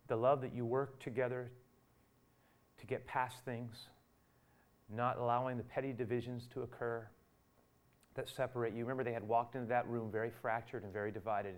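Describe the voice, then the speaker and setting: A male pastor preaching a sermon, acting out the dialogue he quotes and rising from quiet to loud. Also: medium pitch.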